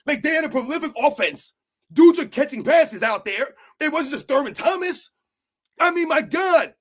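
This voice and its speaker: Middle-aged male sports ranter, very high voice, rambling and excitable, casual solo host delivery. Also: normal speed. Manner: rambling, excitable, peppered with "man" and "like I said".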